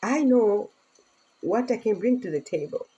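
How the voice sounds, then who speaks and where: Middle-aged woman from Tanzania, earnest casual vlog to phone, mellow husky tone. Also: a little high, animated, a little slow, lo-fi sound. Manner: earnest, speaking broken English with laughter. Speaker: vlogger.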